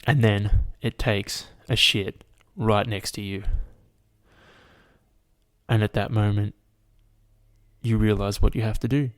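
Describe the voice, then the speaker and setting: A man with a fairly low voice takes his time, pausing often as he hosts his solo podcast. He rants and tells animated stories to the listener, heavy on the swearing and the "like" fillers.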